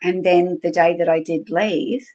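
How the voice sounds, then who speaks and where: Low-voiced Australian woman telling a story. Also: steady tone, measured pace, darkish tone. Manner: chatty, rambling retelling with fillers and quoted dialogue. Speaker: podcast guest. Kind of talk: casual storytelling. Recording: dull lo-fi podcast recording.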